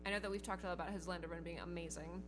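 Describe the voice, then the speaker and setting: A woman co-hosting a podcast, chatting casually and gushing excitedly as a fan. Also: on the low side, racing, noisy background. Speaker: podcast co-host.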